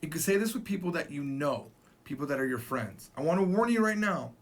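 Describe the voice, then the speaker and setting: Lively, animated male language teacher. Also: fairly high pitch. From Japan. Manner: chatty, emphatic, repeats phrases slowly for practice. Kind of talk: casual spoken lesson.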